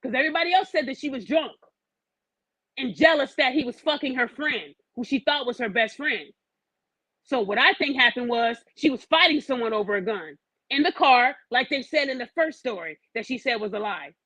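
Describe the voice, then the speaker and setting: A woman's voice: high-pitched, animated, moderate pace, bright, forceful tone, no echo, rough recording. A woman hosting a podcast, ranting bluntly and profanely and firing pointed questions at her audience. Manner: challenges the listener with pointed questions. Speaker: podcast host. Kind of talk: opinionated podcast rant.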